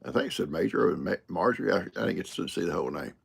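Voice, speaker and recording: A man's voice: low voice, lively intonation, very fast, vocal fry, husky. An older man hosting a livestream, telling folksy stories, acting out quotes and laughing often. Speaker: livestream host. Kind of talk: casual livestream chat.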